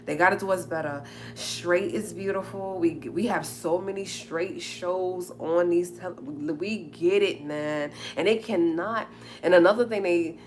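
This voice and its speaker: A woman's voice: low voice, a little hiss or hum. Emphatic woman ranting on a live stream. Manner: emphatic and repetitive, addressing viewers directly. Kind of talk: casual live stream talk to viewers.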